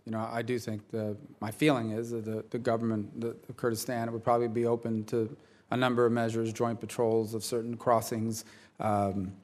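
Flat-voiced senator at a hearing. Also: male voice, mid-range voice. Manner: measured, hesitant, with many fillers. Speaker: senator questioning a witness. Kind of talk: hearing questions and remarks.

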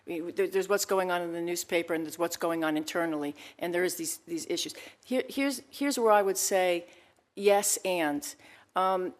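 A woman's voice: fairly low pitch, moderate pace. A woman giving testimony at a hearing, speaking earnestly and emphatically, often restarting her sentences. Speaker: expert witness at a hearing.

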